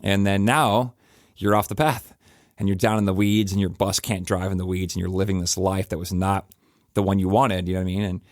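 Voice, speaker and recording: A middle-aged pastor talks through a personal reflection, his low voice wandering through fillers and restarts. The sound is dry and close, with no room around him. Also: level tone, brisk, dry recording. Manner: rambling, conversational, many fillers and restarts.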